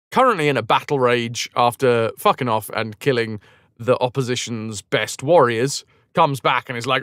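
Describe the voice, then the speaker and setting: A man's voice: mid-range voice, normal speed, no echo, clean studio sound. A man streaming who retells a legend casually, with profane jokes and asides. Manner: animated, profane, jokey asides.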